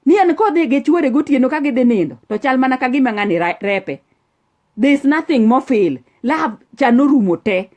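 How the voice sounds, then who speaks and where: A woman's voice: high-pitched, expressive, fairly quick, darkish tone. A woman preaching a sermon, earnest and scolding, switching into English often.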